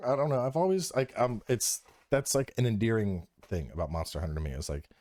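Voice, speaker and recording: A male guest on a gaming podcast, talking casually and expressively, moving between mumbled asides and excited outbursts. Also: lowish voice, a little fast, dry recording, clean studio sound. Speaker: guest, gaming content creator.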